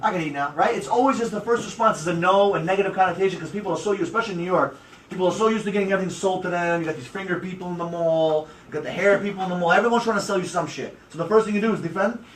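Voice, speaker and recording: A man's voice: high-pitched, racing, slight background noise. A man leading a sales training for a group, brash and emphatic, acting out what customers say. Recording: echoey room, mic far off.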